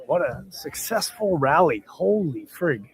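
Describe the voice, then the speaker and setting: A man's voice: on the high side, big pitch swings, unhurried, vocal fry, poor audio. A man live streaming from an outdoor rally, chatting casually and thanking viewers. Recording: streamed audio with a loud crowd and music.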